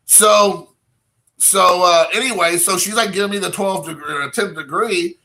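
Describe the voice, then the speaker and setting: Rambling man telling a story, bright voice. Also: high-pitched, normal speed. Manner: rambling, heavy use of "like" fillers, quoting himself and others. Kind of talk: casual anecdote storytelling.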